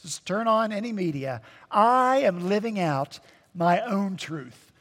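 A male pastor preaching a sermon, slow and emphatic, with dramatic pauses and repetition. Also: sits high, expressive, fairly bright tone. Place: church sanctuary. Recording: long church hall reverb.

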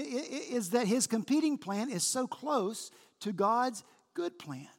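A male pastor preaching a sermon in a large church, with emphatic, slowly stressed phrases. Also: sits high. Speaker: senior pastor. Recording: long church hall reverb.

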